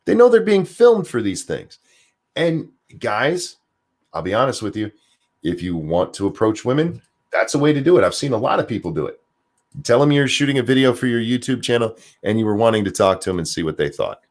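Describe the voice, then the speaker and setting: A man hosting a casual livestream, reading viewer comments with sarcastic asides. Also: fairly quick. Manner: animated, sarcastic, jumps high in pitch for jokes. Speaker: stream host.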